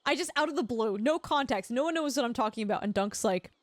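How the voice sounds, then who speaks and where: Woman streamer, high voice, very lively pitch, animated rambling chat, frequent laughs. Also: fast talker, no echo. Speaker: Twitch streamer. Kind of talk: casual chat while gaming.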